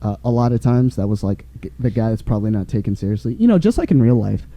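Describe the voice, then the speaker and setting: A man's voice: on the low side, expressive, fast, warm tone. A man hosting a podcast in casual chat, laughing often and talking animatedly. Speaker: podcast host. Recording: dull lo-fi dry sound.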